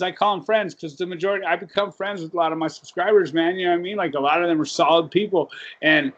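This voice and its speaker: A man's voice: sits high, a bit bright. A man hosting a podcast in casual, rambling chat, swearing often and asking "you know what I mean" again and again. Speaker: podcast host. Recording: dull lo-fi recording.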